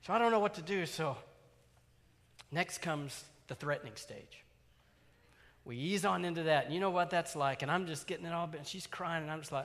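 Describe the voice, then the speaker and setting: A pastor delivers a storytelling sermon with a bright, forceful voice pitched a little high. He is animated, jumping from loud bursts to hushed asides. His voice rings with a long reverb in a large church hall. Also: normal speed.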